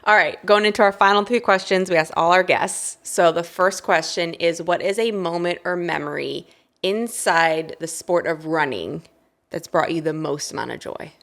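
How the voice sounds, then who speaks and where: A woman's voice: on the low side, normal speed, a bit bright. A woman hosting a podcast, asking interview questions and chiming in with short, supportive replies. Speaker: podcast host. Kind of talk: interview questions, casual chat.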